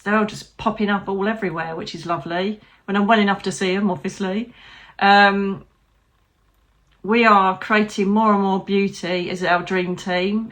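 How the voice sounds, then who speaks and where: With a medium-pitched, slightly bright voice and a British accent, this woman is a psychic medium vlogging straight to her audience. She talks openly from the heart, with plain swearing and a light sense of humour.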